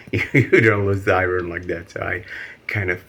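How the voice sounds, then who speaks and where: Very deep, gravelly man vlogging. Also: fairly even intonation, a little slow, a bit bright. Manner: emotional, rambling, laughs nervously. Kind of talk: personal video diary.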